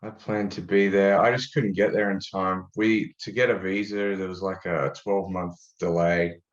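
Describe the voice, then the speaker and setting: A man's voice: low-pitched, flat delivery, moderate pace. A man from Australia with an Australian accent, a guest telling stories in a laid-back, jokey way. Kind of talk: casual interview chat. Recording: echoey, dull-sounding room.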